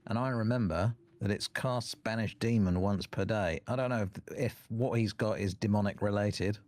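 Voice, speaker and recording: Low-voiced, halting tabletop player. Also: male voice, darkish tone. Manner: halting, full of fillers and restarts while planning. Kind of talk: casual tabletop game chat.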